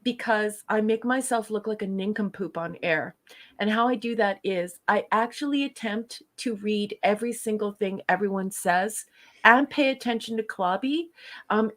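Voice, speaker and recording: Eager, self-mocking female co-host. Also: mid-range voice. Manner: enthusiastic, self-deprecating, reads out chat requests. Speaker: podcast co-host. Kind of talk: casual chat.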